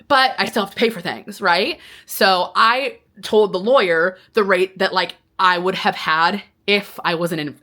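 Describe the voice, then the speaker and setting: A woman vlogging straight to camera, telling a long story in an animated, exasperated way. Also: medium pitch. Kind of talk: casual talking-to-camera vlog.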